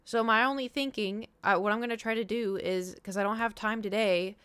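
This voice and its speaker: A woman's voice: mid-range voice, steady tone, fairly quick, a bit bright, smooth, dry recording. A young woman streaming, telling a long story in casual chat, acting out what people said and swearing now and then. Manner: rambling storytelling, acts out quoted dialogue, swears.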